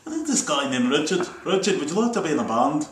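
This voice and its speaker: A man voicing a casual young band member in a quick mock dialogue. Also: on the high side, big pitch swings. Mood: offhand. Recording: roomy room echo.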